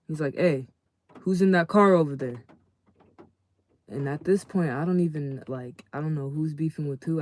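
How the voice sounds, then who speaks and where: A man casually telling a story to his live chat in a slangy, animated way, acting out the people in it. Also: a little high. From California. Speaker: livestream host.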